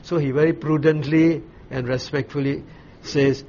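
Man, Bible study teacher, measured and explanatory, slightly muffled recording, faint room noise. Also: medium pitch, little pitch movement, dark tone. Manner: measured, explanatory, with frequent ums and restarts.

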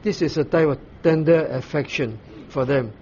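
Pastor, male, higher-pitched voice, unhurried teaching sermon, muffled recording with faint noise. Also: darkish tone. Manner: explains slowly, pauses often with "uh", asks the listeners questions.

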